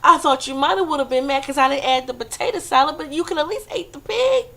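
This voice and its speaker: A woman voicing God as a patient, fatherly deity in a high, gravelly voice. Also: a little slow. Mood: exasperated.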